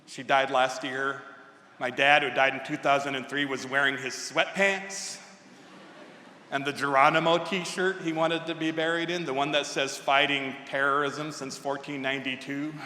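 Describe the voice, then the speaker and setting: A man's voice: medium pitch, level tone, normal speed, sharp tone, slight background noise. A man in his fifties giving a humorous commencement speech as a wry comic storyteller at a podium microphone. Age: 50s. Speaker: commencement speaker. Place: large ceremony hall. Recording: echoey hall with long reverb.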